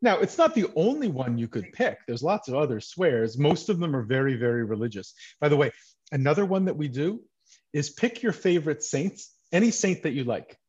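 A man's voice: fairly high pitch, fairly quick, husky, muffled recording. Chatty Montreal-raised male podcast host. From Montreal, Quebec. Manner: chatty, joking, animated storytelling. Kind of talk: casual interview chat.

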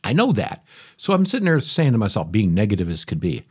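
A man's voice: fairly low pitch, wildly swooping pitch, quick pace, darkish tone, husky. A middle-aged man hosting a podcast, telling a rambling, folksy story in a casual monologue, often interrupting himself. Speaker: podcast host.

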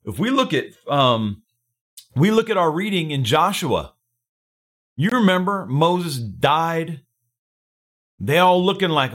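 A man's voice: a little high, very animated, measured pace, long pauses, a bit bright. A man hosting a daily devotional, preaching with fervor and repeating phrases for emphasis. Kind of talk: energetic daily devotional sermon.

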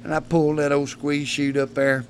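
A man's voice: fairly high pitch, flat delivery, normal speed, a little hiss or hum. A man, a podcast guest telling rowdy, profane stories and laughing as he goes. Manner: profane, laughs mid-story. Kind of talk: rowdy storytelling.

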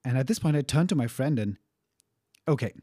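Dark-voiced man swearing through a story. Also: medium pitch, lively intonation, brisk, slightly rough, no room sound, studio quality. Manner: profane, rambling, with frequent fillers and chuckles. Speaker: storyteller recounting a personal experience. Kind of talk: casual spoken storytelling.

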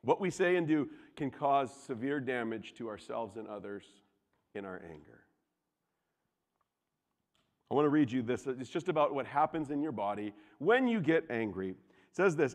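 Lively preacher in a reverberant hall. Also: male voice, medium pitch, normal speed. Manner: animated, jokey, asks the congregation questions. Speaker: pastor. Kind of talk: sermon.

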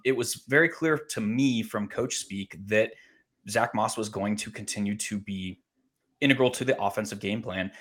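Low-voiced man analyzing football. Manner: measured, analytical, many ums. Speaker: fantasy football podcast co-host. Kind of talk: casual sports analysis chat.

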